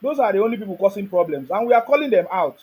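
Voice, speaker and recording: A man's voice: high-pitched, expressive, very fast, darkish tone, husky, poor audio. A man with a Nigerian accent hosting a show, giving emphatic political commentary, with rhetorical questions and bits of Pidgin. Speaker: online show host.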